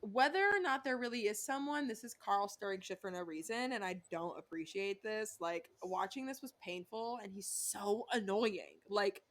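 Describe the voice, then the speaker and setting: Animated, swearing woman podcast co-host. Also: mid-range voice, normal speed, few pauses. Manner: animated, swearing, acts out quotes from the show. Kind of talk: casual recap chat.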